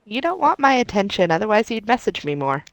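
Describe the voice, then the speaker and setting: A woman's voice: medium pitch, sing-song, fairly quick, dry recording, low-quality recording. A woman in her thirties chatting and teasing her friend during a game stream, laughing often. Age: 30s. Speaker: co-player on a stream. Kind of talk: casual chat while gaming.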